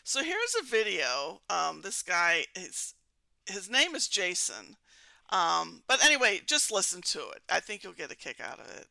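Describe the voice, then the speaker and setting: Amused female host from Missouri, casual chat, lively pitch, dry close sound. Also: a little slow, gravelly, no echo. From Missouri, United States. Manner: chatty, amused, lots of fillers like um. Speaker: podcast host baiting romance scammers. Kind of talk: casual commentary.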